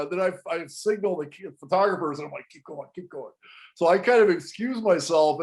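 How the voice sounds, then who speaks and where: A man telling a story to an interviewer in casual panel talk, animated and often restarting his sentences. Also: on the high side. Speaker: guest storyteller.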